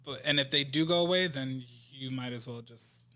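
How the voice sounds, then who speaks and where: A man from New Jersey, an R&B singer, telling stories as a guest in a casual interview, animated and laughing often. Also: mid-range voice, normal speed.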